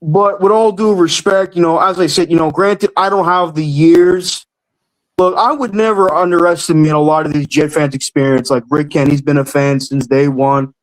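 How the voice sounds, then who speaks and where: A man's voice: fairly high pitch, rough recording. A young man calling in to a sports show, talking in an emotional, rambling way and swearing now and then. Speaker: caller. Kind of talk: casual sports call-in rant.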